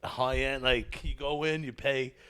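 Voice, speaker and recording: A man's voice: mid-range voice, fairly even intonation, unhurried, sharp tone, smooth. A man telling stories in casual podcast banter, rambling with lots of fillers and laughing often. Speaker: comedian guest.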